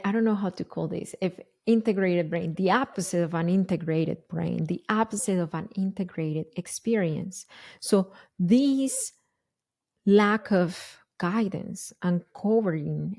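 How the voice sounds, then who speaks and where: Slow, earnest woman podcast host. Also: on the low side, mellow. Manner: earnest, slow and deliberate, with frequent restarts. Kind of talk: conversational explanation.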